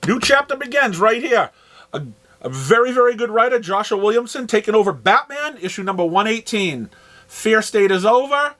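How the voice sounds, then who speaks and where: Here the comic shop host's high-pitched voice comes across a bit bright, his New England accent clear. He goes over this week's new comics casually, wandering off topic, filling gaps with fillers and restarting often.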